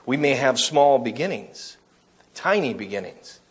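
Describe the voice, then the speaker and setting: A man's voice: medium pitch, big pitch swings, measured pace, slightly rough. A man preaching a sermon, reading scripture aloud and explaining it, correcting himself now and then.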